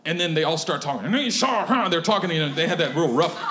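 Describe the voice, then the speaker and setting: Animated high-voiced preacher in echoey room. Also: male voice, moderate pace, heavy background noise. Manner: animated, swings from hushed to shouting, laughs often. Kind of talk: sermon storytelling.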